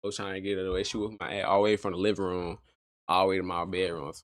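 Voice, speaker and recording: Low-voiced man telling a rambling story. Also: level tone, very fast. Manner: slangy, rambling. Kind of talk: casual storytelling.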